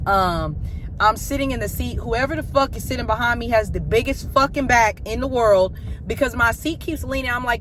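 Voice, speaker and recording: A woman's voice: a little high, lively intonation, normal speed, a bit bright. A woman, a teacher, telling a profane, exasperated story about her trip in a casual storytime chat, filmed on a phone while she sits in a car. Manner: snaps at traffic while driving. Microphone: phone camera.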